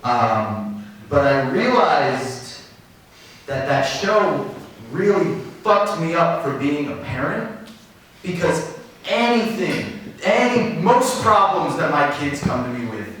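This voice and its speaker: Young guy doing standup, lots of ums and likes, pitch bouncing all over, really echoey room, mic far off. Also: sing-song, slow pace, fairly bright tone. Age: young adult. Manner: rambling, filler-heavy, offhand. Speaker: stand-up comedian. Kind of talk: stand-up comedy set. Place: black-box theater stage. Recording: echoey stage audio from a distant mic.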